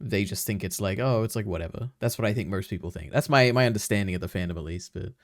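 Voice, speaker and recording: A man co-hosts a casual movie podcast, speaking fast in a low voice with clean studio sound and no room echo. He sounds hesitant, with lots of fillers, restarts, and trailing hedges.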